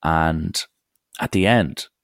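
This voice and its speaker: A man's voice: rumbling low, drawn-out words, smooth, dry recording, clean studio sound. A young man telling a school story in a casual, wry, rambling way. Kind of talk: casual anecdote.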